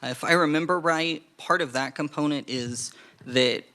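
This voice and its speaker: A man presenting testimony to a legislative committee, measured and hedging, with frequent fillers. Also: a little high, bright, forceful tone.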